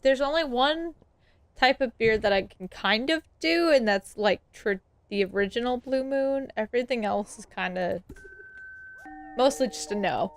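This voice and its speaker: A woman's voice: on the high side, normal speed, dry recording. A woman, tipsy, co-hosting a let's play at home, chatting playfully and insisting on her points. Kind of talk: casual gaming chat.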